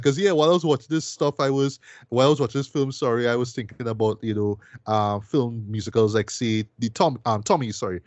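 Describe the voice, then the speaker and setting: Here a man with a lowish voice co-hosts a podcast and chats about a film, loose and excited, leaning on fillers and tag questions. There's no echo, but the highs are cut off.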